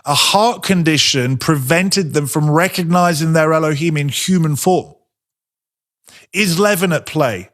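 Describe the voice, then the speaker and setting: Man, sermon teacher, conversational, slightly high voice, slows down for emphasis. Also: fairly bright tone.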